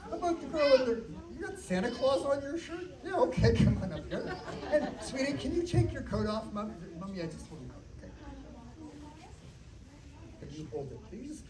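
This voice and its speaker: A man performs as a children's magician, his voice playful and lively as it swings up and down while he talks with the audience. He sounds far from the mic in an echoey library room, with a crowd of children around. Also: extremely high pitch, moderate pace. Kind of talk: live magic show and storytelling for kids. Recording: echoey room from afar with kids.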